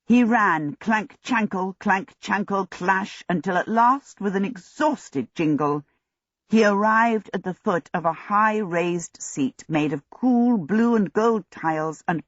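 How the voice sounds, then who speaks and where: An audiobook narrator reading a fantasy story in a steady, measured way. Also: medium pitch, no room sound. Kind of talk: scripted narration. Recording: dull lo-fi audio.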